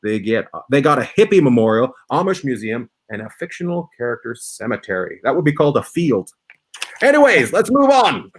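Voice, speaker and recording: A man's voice: medium pitch, expressive, a little fast, few pauses, husky. A man hosting a comedy panel game, teasing his guests with mock outrage. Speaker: host. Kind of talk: playful game-show banter.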